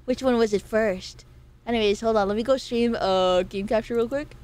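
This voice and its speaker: A woman's voice: on the high side, normal speed. A woman streamer chatting casually and playfully with her viewers, rambling and giggling between thoughts. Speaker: game streamer. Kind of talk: casual live-stream chat.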